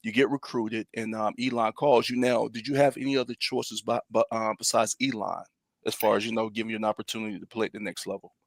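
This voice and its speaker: A man's voice: lowish voice, flat delivery, fast, creaky, no echo. A man hosting a casual sports interview, asking long conversational questions and affirming often. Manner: conversational, frequent short affirmations.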